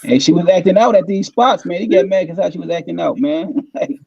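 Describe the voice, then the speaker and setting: A man co-hosting a podcast in casual chat, rambling and animated, piling on "like" and "man". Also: high-pitched, a little fast, creaky, slightly rough, dry recording, muffled recording. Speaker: podcast co-host.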